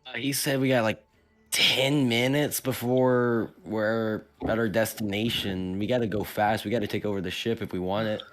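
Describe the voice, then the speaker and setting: Low-voiced man pitching bold plans. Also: steady tone, normal speed, faint music behind. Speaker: player. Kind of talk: casual tabletop game chat.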